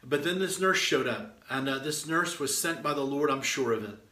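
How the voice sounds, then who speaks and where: A man's voice: mid-range voice, expressive, normal speed, bright, forceful tone, reverberant. A middle-aged man preaching and telling a testimony in a fervent, exhorting way, often stringing words together with repeated "and"s. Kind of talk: sermon storytelling.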